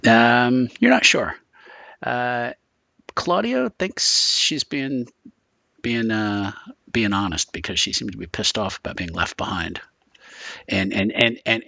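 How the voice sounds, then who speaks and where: Gravelly, deep-voiced male game master. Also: measured pace, pushed and bright, no room sound. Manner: loose and chatty, many fillers, laughs with players. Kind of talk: running a tabletop role-playing game.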